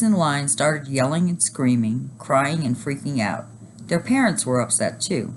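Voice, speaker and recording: Teacher lady reading a kids book, low voice but super animated, faint hiss behind. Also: unhurried. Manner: animated, expressive. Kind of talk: children's book read-aloud.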